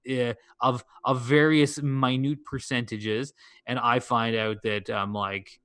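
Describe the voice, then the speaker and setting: A man's voice: mid-range voice, level tone, slow, a bit bright, clear, resonant tone, dry recording, studio quality. A man co-hosting a podcast in casual chat, meandering and thinking aloud as he restarts his sentences. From Canada. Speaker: podcast co-host.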